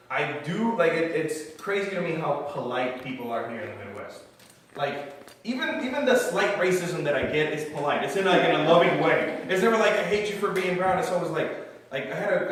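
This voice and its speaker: Chatty comedian in a very echoey room. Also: male voice, a little high, fairly bright tone, distant mic. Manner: chatty, self-deprecating, laughs at own jokes. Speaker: stand-up comedian. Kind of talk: stand-up comedy set. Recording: very echoey room from afar, faint noise.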